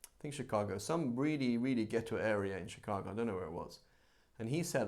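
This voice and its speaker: A man teaching a live religious class in a conversational, animated way, acting out everyday examples. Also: fairly low pitch, fast. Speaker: Islamic teacher.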